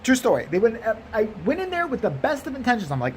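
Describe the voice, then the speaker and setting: A man's voice: extremely high pitch, huge pitch swings, fast, hardly any pauses, a little mellow, a little hiss or hum. A tired man with a Chicago accent telling a comic, profane story about a bank mix-up. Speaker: vlogger. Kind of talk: casual storytelling rant.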